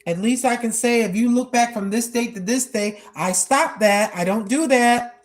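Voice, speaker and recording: A woman's voice: on the high side, normal speed. Woman, 60s, vlogger, earnest, repetitive, preacherly testimony, recorded on a walk with a phone. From United States. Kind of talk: spoken prayer and testimony while walking. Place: outdoors on a walk.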